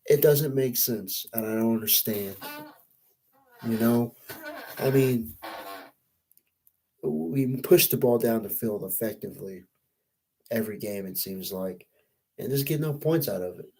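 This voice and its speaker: A man's voice: mid-range voice, expressive, unhurried, pauses often, dark tone, rough recording. A young man hosting a casual sports podcast, venting in a frustrated, profane, rambling way. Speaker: podcast host.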